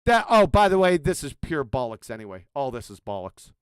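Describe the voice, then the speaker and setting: Ranting, insulting man with a smooth voice. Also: mid-range voice, big pitch swings, fairly quick, no echo, clean studio sound. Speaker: live stream host reacting to clips. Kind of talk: profane mocking commentary.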